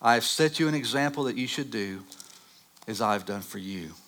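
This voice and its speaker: A man preaching a sermon, reading scripture and telling animated personal stories that rise loud at dramatic moments. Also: fairly low pitch, moderate pace. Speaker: pastor.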